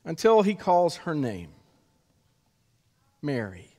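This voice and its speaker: A male pastor delivering an Easter sermon in a slow, measured way with dramatic pauses, in a church sanctuary. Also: high voice. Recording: long reverb of a church sanctuary.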